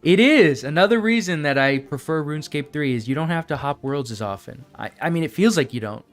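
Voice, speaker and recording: A man's voice: fairly high pitch, expressive, quick pace, soft background music. A man streaming a game live, chatting casually and thinking aloud, often breaking into laughs.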